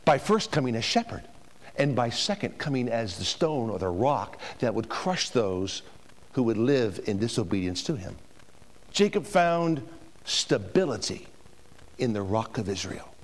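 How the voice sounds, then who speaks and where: A man's voice: mid-range voice, sing-song, a little slow. A man preaching a sermon to a congregation, emphatic, with rhetorical questions to the room. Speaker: pastor. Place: church before a congregation.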